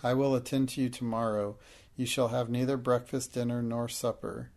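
A man's voice: mid-range voice, little pitch movement, moderate pace, gravelly, darkish tone, close to an everyday voice. A man reading the part of a stern, furious schoolmistress in an audiobook, harsh and commanding.

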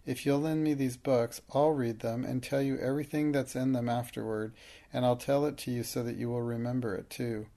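A man's voice: mid-range voice, steady tone, fairly quick, mellow, close to an everyday voice. A man reading the part of an earnest, thoughtful and proud young schoolgirl in a storybook, speaking in careful, earnest words.

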